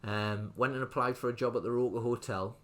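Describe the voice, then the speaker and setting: A man's voice: medium pitch, steady tone, brisk. A man, telling his story as a guest in a casual podcast interview, rambling with lots of "like". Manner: rambling, full of fillers like "like". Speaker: guest, restaurant owner.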